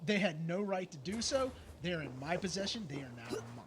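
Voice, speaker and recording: A man's voice: high voice, expressive, brisk, slight background noise. A man co-hosting a gaming stream, talking in a casual, argumentative way and swearing freely. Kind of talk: casual chat over gameplay.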